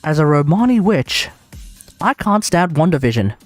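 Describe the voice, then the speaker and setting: A woman's voice: deep voice, normal speed. Ranting woman streamer, faint music behind. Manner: ranting, animated, laughs often. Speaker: live streamer. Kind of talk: casual stream chat.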